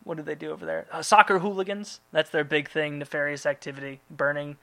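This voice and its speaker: A man's voice: a little high, flat delivery, fast talker, pushed and bright. A man hosting a podcast in casual chat, rambling and swearing as he riffs on listener emails. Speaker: podcast host.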